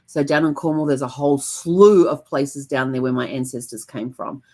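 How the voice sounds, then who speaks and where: A middle-aged woman with a notably low voice talks casually about her family history research. She is chatty and expressive, often breaking into her own exclamations in a much higher tone before settling back down. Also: normal speed. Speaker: genealogy channel host. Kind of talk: casual solo talk to camera.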